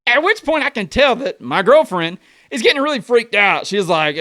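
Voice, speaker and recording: Animated man telling stand-up stories. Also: moderate pace, dry recording, studio quality. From United States. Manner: animated, acts out voices with big pitch jumps. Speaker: stand-up comedian. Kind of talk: stand-up storytelling.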